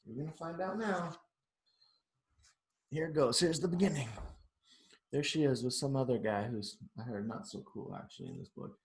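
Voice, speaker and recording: A man reading a picture book aloud to children, pausing for chatty asides. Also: mid-range voice, reverberant. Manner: chatty, adds asides to the kids.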